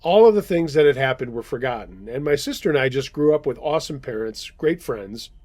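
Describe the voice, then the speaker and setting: A man with a husky, slightly rough voice reads a listener's true scary story. His pitch sits in the middle range. He narrates in a measured, dramatic storytelling manner. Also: lively intonation, darkish tone. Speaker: podcast host reading listener stories.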